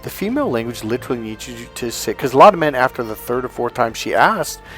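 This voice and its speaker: A man's voice: mid-range voice, big pitch swings, fast, soft background music. Emphatic male relationship coach. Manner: emphatic, acts out quoted couples' lines. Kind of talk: solo coaching monologue.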